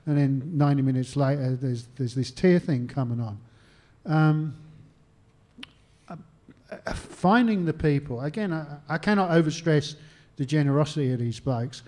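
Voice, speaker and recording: A man's voice: fairly high pitch, normal speed, a little mellow. An Australian man, a historian and author, answering interview questions with anecdotes and self-deprecating humour, acting out phone calls as he goes. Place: stage talk at a literary venue.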